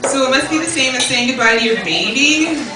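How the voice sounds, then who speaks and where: A woman hosting a comedy show who delivers deadpan one-liners and introduces the next comic. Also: high voice, brisk, a crowd in the background. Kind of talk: stand-up set. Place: comedy club stage. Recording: echoey room from far off, background noise.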